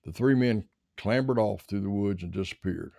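A man reading a story aloud in steady storytelling narration. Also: lowish voice, moderate pace, creaky, dry recording, clean studio sound.

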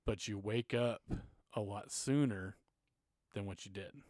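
A man's voice: on the low side, measured pace, darkish tone, dry recording, clean studio sound. A man in his thirties, a church music minister, telling personal stories in a casual podcast chat, earnest and at times emotional.

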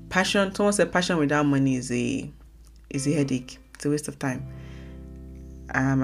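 Very deep-voiced young woman podcaster. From Nigeria. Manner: fast, rambling, self-correcting. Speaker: podcast host. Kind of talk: casual solo podcast talk.

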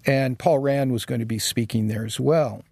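A man with a gravelly, slightly husky voice tells his stories in an easy, reflective way and chuckles along the way. He is recorded dry and close, with no room sound. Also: mid-range voice, moderate pace, darkish tone, no echo. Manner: reflective, chuckles while telling anecdotes. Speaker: guest designer. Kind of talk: casual interview conversation.

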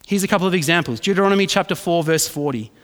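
A man's voice: sits high, rapid-fire, fairly bright tone. A man, a pastor preaching a sermon in a casual storytelling way, often checking in with "right?". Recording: reverberant hall.

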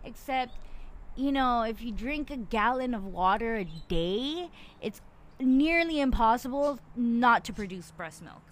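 A young woman talking casually on her own, animated and swearing freely, getting worked up as she goes. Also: on the high side, measured pace. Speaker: podcaster. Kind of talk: casual monologue.

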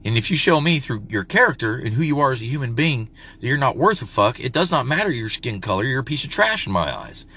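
A man's voice: medium pitch, very animated, quick pace, pushed and bright, breathy edge. A man in his forties rants bluntly and profanely while putting on a redneck drawl. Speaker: parent vlogger. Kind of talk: casual rant to camera.

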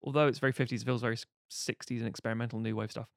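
A man's voice: medium pitch, fairly even intonation, very fast, creaky, dry recording, studio quality. Rambling, profane man recapping a film. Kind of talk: casual film recap chat.

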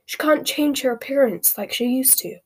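An earnest, clever teenage girl witch, as a woman voices her, quick to object. Her voice runs fairly high and breathy. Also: a little mellow. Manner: earnest, indignant.

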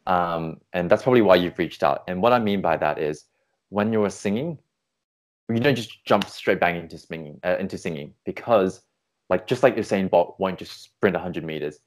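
Chatty encouraging voice coach guy, lowish voice, on a video call. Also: expressive, normal speed. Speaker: vocal coach. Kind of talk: online singing lesson.

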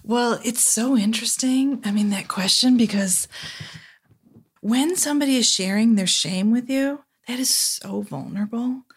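Woman, therapist guest, casual podcast chat, reflective, soft quoted asides. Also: a little high, normal speed, breathy edge. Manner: reflective, acts out quoted voices softly.

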